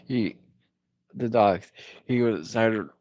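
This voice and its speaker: Deep-voiced man rambling through a story. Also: a little mellow, dry recording, dull audio. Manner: rambling, halting, with many fillers and chuckles. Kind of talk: telling a personal faith story.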